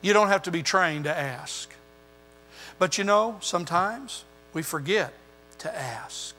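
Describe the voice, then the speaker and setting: A man's voice: sits high, lively intonation, a little slow, bright, forceful tone. An older man preaching a sermon as pastor, building emphasis through repeated phrases. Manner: preaching with rising emphasis and repetition. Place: church sanctuary. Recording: long hall reverb.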